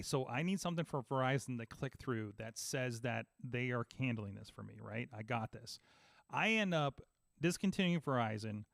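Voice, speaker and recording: A man in casual podcast chat, telling an animated story and acting out both sides of phone calls. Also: mid-range voice, gravelly, no echo. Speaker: podcast host.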